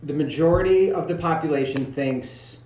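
Easygoing host voice, mid pitch, lots of yeahs and rights, echoey room. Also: moderate pace, a little mellow. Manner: conversational, frequent backchannels, rephrases questions mid-sentence. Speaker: interview host. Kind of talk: casual interview. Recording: roomy echo.

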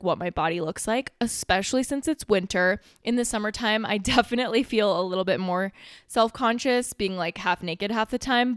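A woman's voice: medium pitch, fairly bright tone, smooth, no room sound, studio quality. A young woman in her twenties hosting a casual solo podcast, rambling with lots of "like" and frequent swearing, a little out of breath. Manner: rambling, filler-heavy, swears often. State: a bit out of breath. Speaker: podcast host.

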